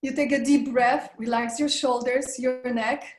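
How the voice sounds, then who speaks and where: A woman leads a live online coaching session in an encouraging tone, talking her listeners through breathing and vocal warm-ups. Her voice sits fairly high. The sound carries a noticeable room echo, as if she is speaking into a video call from a hard-walled room. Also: steady tone, unhurried. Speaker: webinar presenter, voice coach.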